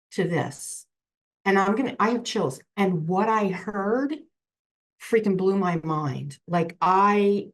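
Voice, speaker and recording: Brief: expressive woman guest, talks with big pitch swings, acts out what people said. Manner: animated storyteller, acts out quotes, laughs easily. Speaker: psychic medium guest. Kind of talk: casual interview chat. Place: home room with crystals on shelves.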